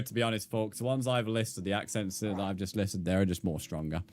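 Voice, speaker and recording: A man's voice: on the low side, fairly even intonation, normal speed, few pauses, a little mellow, a little hiss or hum. A British man chatting casually on a live game stream, easygoing, with lots of fillers as he reads out the chat. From United Kingdom.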